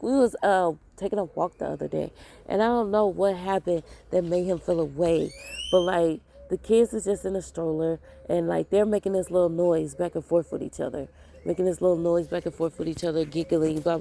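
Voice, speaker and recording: Gravelly low-voiced woman telling a story. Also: mellow. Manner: rambling, repeats phrases, quotes people in voices. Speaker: mother of young kids. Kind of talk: casual storytelling vlog.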